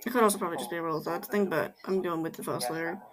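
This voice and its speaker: A woman giving casual reaction commentary, excitable and rambling, full of fillers and exclamations. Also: lowish voice, racing, crowd noise. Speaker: reaction video host.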